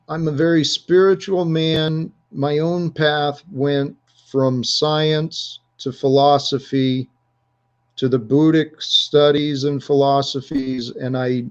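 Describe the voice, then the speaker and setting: Man hosting a panel, slow halting speech, dull lo-fi audio. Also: a little high. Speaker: host. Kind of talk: casual panel discussion.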